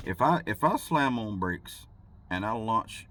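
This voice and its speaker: Trucker guy rambling through a story, low voice that jumps all over, bit of hum behind. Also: normal speed. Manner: rambling, laughs between thoughts, lively delivery. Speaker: truck driver. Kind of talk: casual storytelling vlog.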